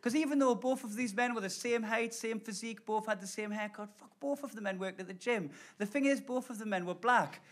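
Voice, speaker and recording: A man's voice: high voice, brisk, hardly any pauses, a bit bright, a little hiss or hum. A man doing live stand-up storytelling, talking conversationally and directly to the crowd. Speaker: stand-up comedian. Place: stage before a live audience.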